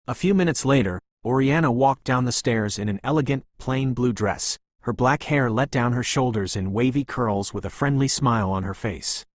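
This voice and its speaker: A man narrating a novel as an audiobook in a calm, even, pleasant reading voice. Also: medium pitch, dry recording, clean studio sound.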